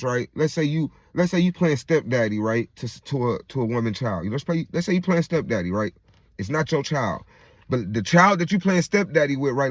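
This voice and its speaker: A man's voice: fairly high pitch, dry recording. Rambling, profane man venting. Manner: rambling and profane, with constant "right?" and "you get what I'm saying?" check-ins; repeats himself and restarts mid-phrase. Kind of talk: casual venting monologue to the camera.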